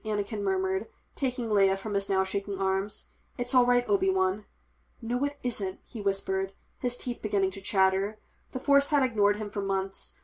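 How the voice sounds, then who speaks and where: A woman narrating a fan fiction audiobook. Her reading is measured and expressive. Her voice sits at a middle pitch.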